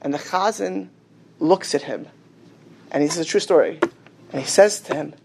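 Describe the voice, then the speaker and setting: A man's voice: a little high, moderate pace, gravelly, noisy background. A man, a rabbi, giving a sermon and telling a story, acting out the characters' dialogue. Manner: animated storyteller, acts out the dialogue.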